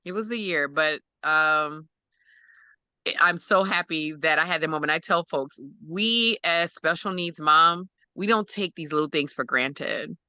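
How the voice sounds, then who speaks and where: A woman's voice: sits low, a little slow, pushed and bright, no room sound, highs cut off. A woman telling an emotional personal story as a guest parent, acting out quotes and laughing often. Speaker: guest, parent of an autistic son.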